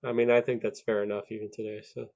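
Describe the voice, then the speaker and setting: A man's voice: on the low side, little pitch movement, fast talker, darkish tone, dull audio. Dry-quipping man from Iowa. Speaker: podcast co-host. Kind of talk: casual movie chat.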